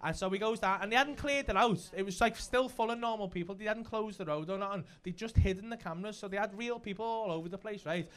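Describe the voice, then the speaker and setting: A young adult man with a Liverpool accent, telling a comedy story in casual chat, animated and sweary, laughing often. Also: sits high, fast talker, hardly any pauses. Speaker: stand-up comedian.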